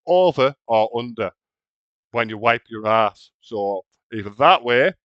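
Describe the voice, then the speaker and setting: A man's voice: mid-range voice, lively intonation, a little slow, smooth, no room sound. A man co-hosting a podcast, cheeky and crude, chatting casually. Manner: crude, self-mocking, cheeky. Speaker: podcast co-host. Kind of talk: casual chat. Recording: dull, muffled mic.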